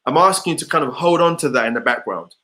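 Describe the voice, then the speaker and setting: A man's voice: medium pitch, animated, fast talker, bright, forceful tone. A man giving an online motivational session over a video call, repeating rhetorical questions to his audience. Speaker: motivational speaker.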